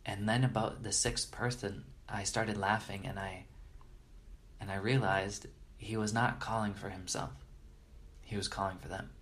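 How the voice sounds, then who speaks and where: Earnest man telling stories, lowish voice. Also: fairly even intonation, fairly bright tone. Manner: earnest and reverent, halting restarts. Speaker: interview guest. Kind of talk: storytelling in conversation.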